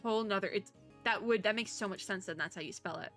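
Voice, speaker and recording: A young VTuber streamer plays through a game in a casual let's-play, chatting, giggling and reading its dialogue aloud with self-deprecating asides. She talks fast with a medium, fairly bright voice over soft background music.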